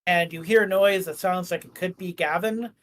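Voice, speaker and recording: A man's voice: high voice, steady tone, normal speed, a bit bright. A man running a tabletop game as game master, describing the scene in a loose, rambling way full of "like" and "uh". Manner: rambling, filler-heavy, jokey.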